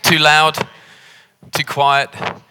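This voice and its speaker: Scouse male preacher, joking and conversational, with a sharp, ringing tone in a big echoing hall. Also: a little high, expressive, normal speed. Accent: Liverpool. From Liverpool, England. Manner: jokey, self-deprecating, conversational. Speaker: visiting preacher. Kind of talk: sermon. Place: church hall. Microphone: handheld microphone. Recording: reverberant church hall.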